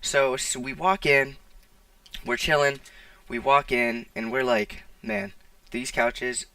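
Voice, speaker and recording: Teen guy rambling thru a story, super gravelly, bright edgy voice, far off a dry bad mic. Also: medium pitch, big pitch swings, slow pace, dry recording. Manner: rambling, full of "like" and restarts. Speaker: vlogger. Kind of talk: casual storytime. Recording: distant, dry, poor-quality mic.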